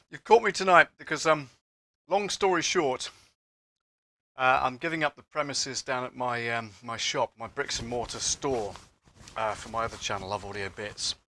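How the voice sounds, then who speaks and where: A man's voice: mid-range voice, sharp tone. A man hosting a casual live stream from his apartment studio, a little out of breath, rambling with many fillers, recorded on a lapel mic. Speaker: host of an audio production channel. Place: apartment home studio, indoors.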